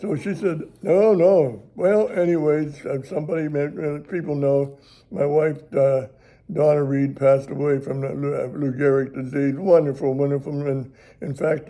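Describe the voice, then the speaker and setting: A man's voice: a little high, dark tone. An older American man, a ministry television host, telling a rambling, chuckling story in folksy everyday grammar. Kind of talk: casual storytelling.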